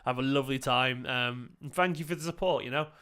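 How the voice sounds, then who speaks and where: Bright, clear-voiced man thanking viewers. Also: mid-range voice, fairly quick. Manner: effusive, swears freely, thanks viewers by name. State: tired and emotional. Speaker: streamer hosting a football watchalong. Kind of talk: casual live-stream chat and commentary.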